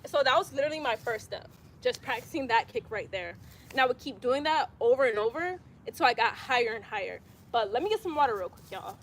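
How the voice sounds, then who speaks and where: A woman's voice: on the high side, expressive, quick pace, a little hiss or hum. A young woman live-streaming her workout, chatting casually and giggling as she talks straight to viewers and reads their comments. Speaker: livestreamer reading chat comments. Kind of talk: casual live-stream chat while exercising.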